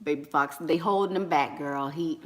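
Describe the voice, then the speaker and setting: A woman's voice: low-pitched, normal speed, a bit bright. A woman, chatting casually and animatedly to viewers, slangy and laughing often. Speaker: online business coach and vlogger.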